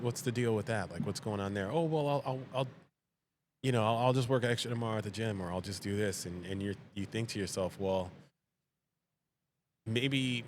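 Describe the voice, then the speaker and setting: Man, podcast guest, low voice, animated storytelling, quotes family members, laughs often. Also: a little hiss or hum. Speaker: podcast guest, veteran father. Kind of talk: casual podcast chat.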